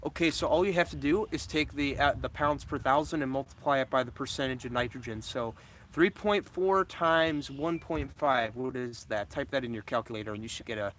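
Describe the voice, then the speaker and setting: A man's voice: medium pitch, a little fast, fairly bright tone, slight background noise. A young man hosting a casual live stream, answering viewer questions in a loose, rambling way with lots of restarts.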